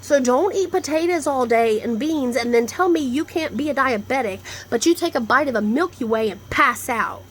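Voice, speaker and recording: A woman with a somewhat high voice rambles through a casual vlog monologue. She is blunt and swears freely, hopping from one topic to the next. Faint room ambience sits under her voice. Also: moderate pace, few pauses, a little hiss or hum. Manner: blunt, profane, animated, jumps between topics. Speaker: vlogger. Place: indoors, storm coming in outside.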